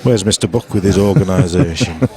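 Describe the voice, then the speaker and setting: A man's voice: low voice, fairly quick, dark tone. A man giving casual live pool commentary, joking and chuckling with a co-commentator in a dry, bantering way. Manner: jokey, chuckling, dry British humour.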